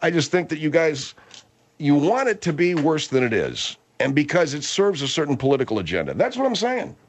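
A man hosting a rambling comedy talk, reading news aloud haltingly and exasperated. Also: on the high side, sing-song, slight background noise. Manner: halting, stumbling reader, exasperated.

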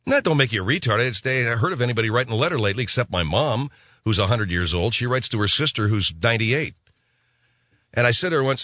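A man's voice: mid-range voice, expressive, quick pace, bright, forceful tone, dry recording. A man hosting a radio show, telling rambling stories with sarcastic jokes. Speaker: radio host. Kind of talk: comic radio monologue.

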